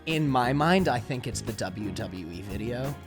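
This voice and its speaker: A man recounting a wild night in casual conversation, his pitch swinging all over as he acts things out. His voice is lively and full of laughter. Faint music sits underneath. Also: moderate pace. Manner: animated, laughs often, acts out quotes. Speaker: guest storyteller. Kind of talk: casual story chat.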